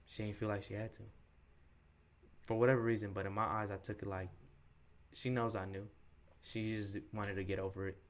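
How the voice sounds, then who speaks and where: A man's voice: on the low side, little pitch movement, fairly quick, pauses often. A young man co-hosting a podcast, frankly retelling a breakup in slangy, profane everyday talk. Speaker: podcast co-host. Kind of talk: candid personal storytelling.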